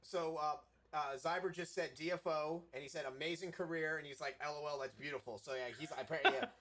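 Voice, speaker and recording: Male stream host with a bright, fairly high voice, chatty and relaxed, reads viewer comments aloud. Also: a little fast. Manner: reads out chat messages. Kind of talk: casual chat.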